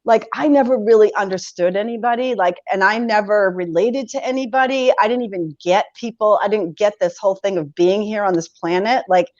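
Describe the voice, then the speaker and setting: Woman, 40s, podcast guest, personal storytelling, animated, laughs often, dull lo-fi audio. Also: medium pitch, a little fast, hardly any pauses, no echo. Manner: animated, laughs often, acts out her own past reactions. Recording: dull lo-fi sound, dry.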